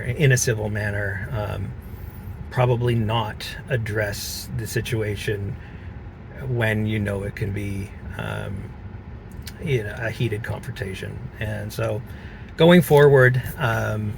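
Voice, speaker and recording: A man vlogging from a car, talking in an earnest, halting way with many fillers. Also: on the low side, vocal fry, fairly bright tone, slight background noise. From Canada. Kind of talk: reflective personal vlog.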